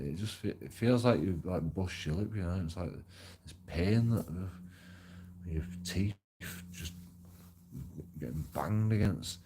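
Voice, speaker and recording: Gruff, low-voiced man swearing. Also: unhurried, mellow. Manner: heavy swearing, rambling with restarts. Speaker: vlogger telling a personal story. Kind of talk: casual storytelling monologue.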